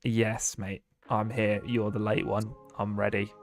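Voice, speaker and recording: Young man, lowish voice, blunt and laid-back podcast co-host, faint music underneath. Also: level tone, unhurried, vocal fry. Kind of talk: casual gaming podcast chat.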